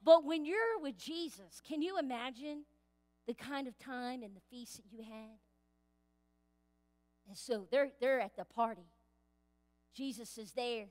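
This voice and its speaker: A woman pastor preaching a sermon in a church, lively and playful, acting out voices as she goes. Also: on the high side, a little slow, long pauses. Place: church sanctuary. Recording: reverberant church hall.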